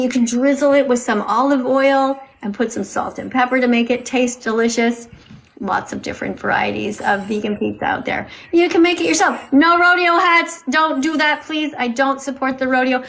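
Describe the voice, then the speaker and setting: A woman hosting a live stream talks directly to her viewers and scolds them every so often. Her voice is a little high and gravelly, and she speaks at a moderate pace.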